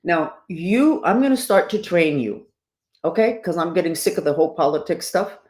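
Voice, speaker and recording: A woman's voice: lowish voice, expressive, moderate pace, a little mellow. A middle-aged woman with the hiccups, hosting a podcast and talking emphatically and preachily to her listeners. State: has the hiccups. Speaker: podcast host. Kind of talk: casual spiritual talk to listeners. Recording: roomy echo.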